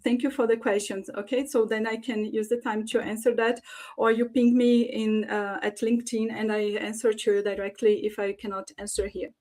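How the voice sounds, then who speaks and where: A woman's voice: a little high, little pitch movement, normal speed, a little mellow. A woman giving an online conference presentation on voice and leadership, talking with many fillers and acting out sample phrases in different tones. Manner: frequent fillers, demonstrates phrases in varied tones. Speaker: conference speaker.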